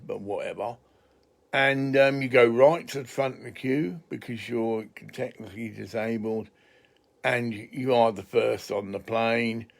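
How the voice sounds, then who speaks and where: A man with an English accent talks through a loose, casual monologue, drifting from one point to the next. His voice carries a gravelly fry, and he takes his time, swearing freely as he goes. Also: medium pitch. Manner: chatty, digressive, swears freely.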